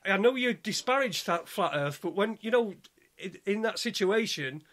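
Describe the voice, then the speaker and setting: A man's voice: high voice, expressive, moderate pace, a bit bright. A man in casual chat, telling a rambling story with many restarts and ums.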